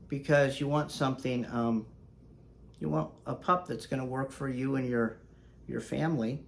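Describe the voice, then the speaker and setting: A male dog trainer rambles through a story in a casual vlog. He talks in a loose, conversational way, dropping fillers as he goes, and his voice sits at an ordinary middle pitch. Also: normal speed, a little hiss or hum.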